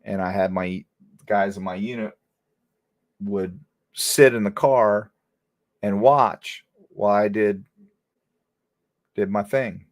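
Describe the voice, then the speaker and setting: A man's voice: fairly low pitch, takes it slowly, long pauses. A middle-aged man, a former police officer, telling a story casually and talking straight to his viewers. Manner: animated anecdote-telling, addresses viewers directly.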